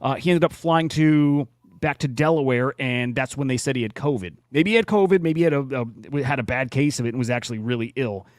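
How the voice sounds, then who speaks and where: A man's voice: medium pitch, a little fast, dry recording, studio quality. A man hosting a podcast in casual chat, blunt and profane with plenty of restarts. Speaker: podcast host.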